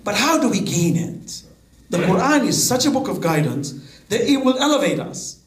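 A man's voice: sits high, very animated, moderate pace. A man preaching a sermon, mixing Arabic quotations into his English. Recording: echoey hall.

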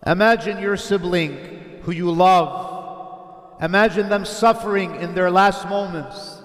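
A man's voice: sits high, fairly even intonation, a little slow. A man preaching an emotional sermon as a story, impassioned, breaking into chanted phrases in Arabic. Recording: long hall reverb.

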